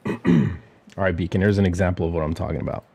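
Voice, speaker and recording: A man's voice: deep voice, steady tone, fast, background noise. A man casually talking through a digital drawing demo on a livestream, muttering and swearing to himself as he works. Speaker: artist streamer.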